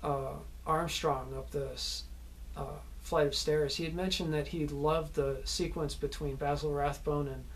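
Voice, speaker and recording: A man's voice: a little high, level tone, measured pace. A man, an actor, casually telling behind-the-scenes stories from a film shoot, rambling with many fillers and restarts and often laughing. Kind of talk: casual anecdotal storytelling.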